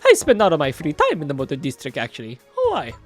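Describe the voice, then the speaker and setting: A man's voice: a little high, huge pitch swings, quick pace, soft background music, pitched below the performer's own voice. A man voicing a nervous young delivery boy in a video game, stammering and hesitant. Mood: plain. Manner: stammering, hesitant, lots of uhs.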